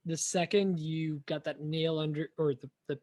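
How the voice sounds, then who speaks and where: A man's voice: on the high side, steady tone, normal speed, darkish tone, no echo, studio quality. A man co-hosting a podcast in casual chat, trading sarcastic jokes. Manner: sarcastic joking banter. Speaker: podcast co-host.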